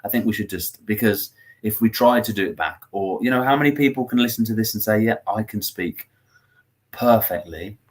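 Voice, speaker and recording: A man's voice: fairly low pitch, fairly quick. A man from England with a Birmingham accent, co-hosting a podcast in casual, teasing chat. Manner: playful, teasing, animated. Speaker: podcast co-host.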